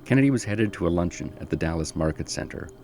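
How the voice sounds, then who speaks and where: Very deep, gravelly male narrator. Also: lively intonation, darkish tone. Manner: measured, solemn storytelling. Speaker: podcast host and narrator. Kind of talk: scripted history narration.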